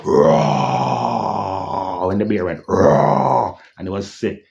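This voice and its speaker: This vlog host has a deep, steady, darkish voice and talks fast. His casual rant rambles and loops back on itself, peppered with "yeah?" tags and hummed dramatic sound cues.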